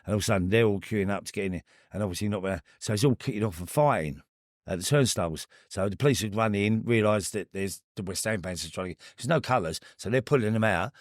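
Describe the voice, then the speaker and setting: A middle-aged man speaks with a Cockney accent in a low voice that sits close and dry on a studio mic. He tells stories in a casual interview, stumbling over his words and starting sentences again. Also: no echo. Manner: rambling, halting, with many restarts. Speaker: podcast guest.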